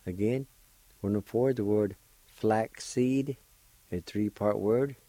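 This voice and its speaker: A man with a low, mellow voice talks very slowly and patiently. He spells out each syllable letter by letter, like a radio language teacher. The sound is close and dry. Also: no room sound, poor audio. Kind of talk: slow spelled-out pronunciation lesson.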